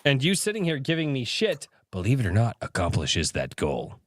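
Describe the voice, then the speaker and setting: A man's voice: mid-range voice, huge pitch swings, moderate pace, no room sound, studio quality. A man hosting a casual livestream podcast, rambling and swearing as he chats with his audience. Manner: rambling, swears often, frequent restarts. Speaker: podcast host.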